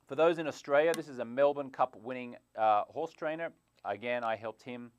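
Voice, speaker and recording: A man hosting a live stream as a sobriety coach, animated, jumping from loud bursts to quiet asides, on a clip-on mic indoors. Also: medium pitch, normal speed, smooth. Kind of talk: energetic live stream pitch. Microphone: clip-on lapel mic.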